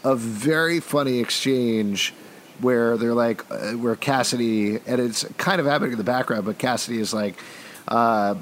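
On a casual podcast, a middle-aged male co-host jokingly sums up a TV episode, often starting his sentences over in a wry storytelling style. He talks at medium pitch and normal speed, with a little hiss or hum on the recording.

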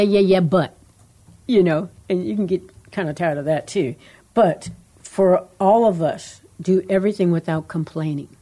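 A woman co-hosting a casual faith talk show, rambling and earnest, trailing off into soft asides. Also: fairly low pitch. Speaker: co-host.

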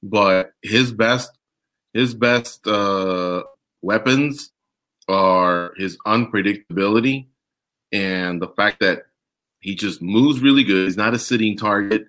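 A man hosting a casual sports talk show, animated and rambling, asking his co-host questions. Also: fairly low pitch, slow.

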